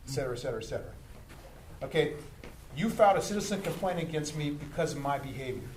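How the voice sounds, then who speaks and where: A man's voice: fairly high pitch, quick pace. A man, a police lieutenant, explaining citizen complaints to a group and acting out street encounters. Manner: animated, acts out street scenes. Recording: echoey room, faint noise.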